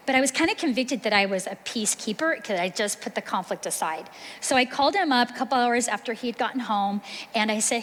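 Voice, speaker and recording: A woman's voice: on the high side, fairly quick, fairly bright tone. A middle-aged woman giving an earnest, conversational teaching talk to mothers at a church. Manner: earnest, conversational, acts out quoted voices. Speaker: women's ministry speaker. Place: church hall. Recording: long reverb from a large hall.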